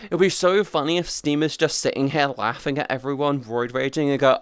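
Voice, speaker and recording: A man's voice: mid-range voice, fairly quick, few pauses, clean tone, dry recording, studio quality. A young adult man chatting casually on a live stream, rambling, swearing freely and restarting his sentences. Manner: rambling, profane, restarts often.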